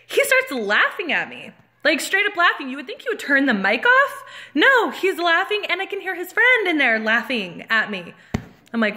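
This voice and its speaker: An animated woman in her thirties tells a casual storytime rant, her voice a little high and bright with a sharp edge. She laughs often and gets louder as she works herself up. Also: measured pace. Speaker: vlogger.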